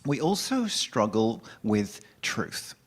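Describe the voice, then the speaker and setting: A man in his forties talks to a church gathering in a loose, conversational way. His voice sits slightly low, and he often backs up and restarts a thought mid-sentence. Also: big pitch swings, slow pace, husky. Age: 40s. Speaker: guest spiritual speaker.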